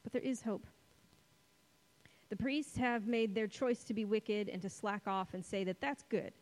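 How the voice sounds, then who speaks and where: A woman preaching a sermon in a conversational, playful way, slowing for dramatic pauses on key words. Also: medium pitch, fairly even intonation, darkish tone, poor audio.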